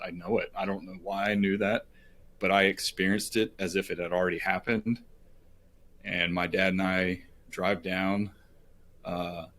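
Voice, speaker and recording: Podcast guest, male, very low and flat voice, earnest and rambling with lots of fillers, faint hiss behind. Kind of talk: emotional personal storytelling.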